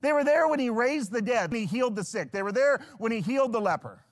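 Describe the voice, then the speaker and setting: Animated male pastor preaching. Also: very high voice, fast talker. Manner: animated, swings from hushed to loud; acts out little scenes in quoted voices. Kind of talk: sermon.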